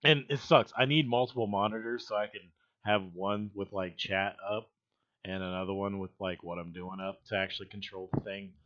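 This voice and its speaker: A man's voice: on the low side, steady tone, moderate pace, fairly bright tone. A man chatting casually on a livestream, rambling and swearing, often trailing off mid-sentence. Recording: dull lo-fi stream audio with faint music.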